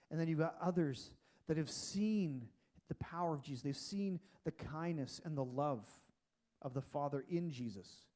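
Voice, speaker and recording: A male pastor delivers a sermon in a church, talking in a loose, animated way and often restarting his sentences. His voice sits high for a man yet sounds mellow and soft-edged. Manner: casual, animated preaching with restarts.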